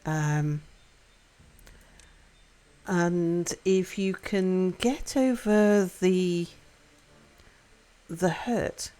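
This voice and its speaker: A young woman with a Northwest English accent with a Liverpool twang, chatting with her stream chat, thoughtful and halting, laughing often. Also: lowish voice, dark tone. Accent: Northwest England, Liverpool-tinged. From Northwest England. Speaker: livestream host. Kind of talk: casual chat with live chat.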